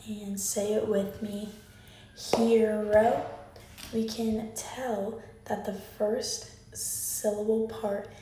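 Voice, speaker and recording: A woman teaching a phonics lesson in a soft, mellow voice. She patiently quizzes the listener and leads clap-along drills. Her voice rings around a very echoey room, picked up from well away from the mic. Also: mid-range voice, recorded from a distance, a little hiss or hum.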